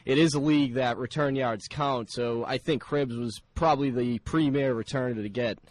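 A man's voice: medium pitch, moderate pace. A man with a Boston accent, a guest in a radio studio, chatting casually and often repeating words as he starts sentences. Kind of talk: casual chat.

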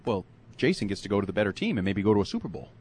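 A man's voice: lowish voice, big pitch swings, very fast, darkish tone, slightly rough. A man co-hosting a casual sports talk show, giving blunt opinions and laughing often. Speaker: co-host.

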